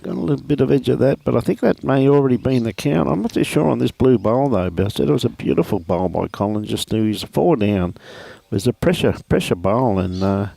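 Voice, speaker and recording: A man's voice: mid-range voice, animated, brisk, creaky, hardly any pauses, warm tone, dry recording. A man commentating lawn bowls in a laid-back, jokey way. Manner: laid-back, chatty, jokey, calls players mate.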